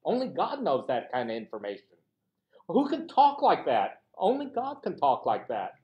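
Man, teaching pastor, Bible study class, slightly high voice, animated delivery, conversational, rhetorical questions. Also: moderate pace, lo-fi sound. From United States. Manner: acts out short quoted exchanges.

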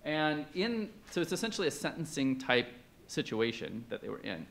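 A man's voice: on the high side, very animated, moderate pace, gravelly, a bit bright, slight background noise. A man presenting at an academic conference in a conversational way, with many fillers and questions put to the audience.

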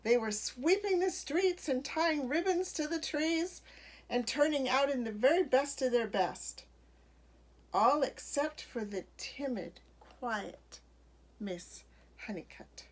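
Brief: woman storyteller, unhurried picture-book read-aloud, bright and lively. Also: sits high. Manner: expressive, slow read-aloud.

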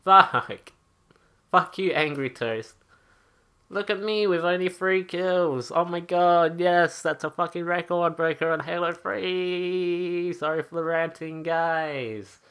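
A man's voice: high voice, fairly even intonation, slow, a bit bright, clear, resonant tone. Young man ranting angrily over gameplay. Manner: profane, exasperated ranting. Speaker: gaming channel host. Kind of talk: angry gameplay rant.

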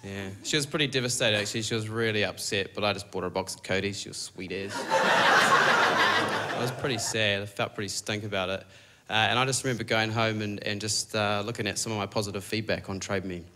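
A young man with a New Zealand accent doing a stand-up comedy set, deadpan and halting, with many fillers. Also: fairly low pitch. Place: comedy stage before a laughing audience. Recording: clear audience noise behind.

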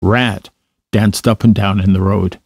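Male storybook narrator, slow and measured, dry close sound. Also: on the low side, fairly even intonation, darkish tone, no room sound.

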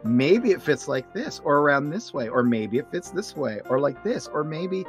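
A man's voice: fairly high pitch, big pitch swings, moderate pace, music in the background. A man voicing a small, thoughtful boy who turns touchy and indignant, reading comic strip lines aloud. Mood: fussy. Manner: fussy, pleading, then indignant outbursts.

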